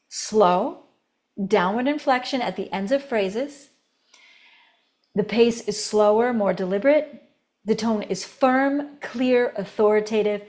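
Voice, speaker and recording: A woman voice coach teaching a recorded course, animated, demonstrating tones and laughing between points. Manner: animated, demonstrating each tone with shifts in pitch and volume.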